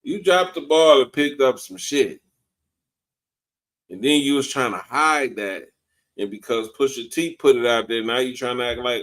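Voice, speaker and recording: A man's voice: medium pitch, expressive, normal speed, a bit bright. A man hosting a casual live-streamed talk show, ranting bluntly and mockingly with plenty of profanity. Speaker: host. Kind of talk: casual podcast commentary. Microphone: video call or stream mic.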